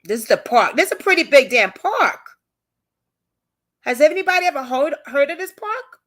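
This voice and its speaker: A woman's voice: high voice, moderate pace. A woman hosting a casual livestream, chatting with her viewers and reacting to what she reads. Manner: animated, chatty, talks straight to viewers. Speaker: livestream host and advocate.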